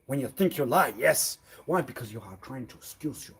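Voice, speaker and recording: A man on a live stream rambling in a disjointed monologue, arguing back and forth with himself and repeating words, swinging from quiet mutters to loud exclamations. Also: medium pitch, animated, fairly quick, few pauses, husky. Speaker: livestreamer.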